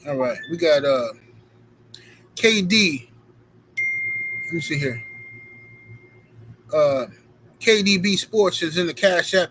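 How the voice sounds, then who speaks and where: A man's voice: on the high side, a little hiss or hum, low-quality recording. A man hosting a live stream, talking casually and reading viewer super chats aloud with emphatic, playful banter. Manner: animated, reads out super chats and thanks donors; emphatic, playful street talk.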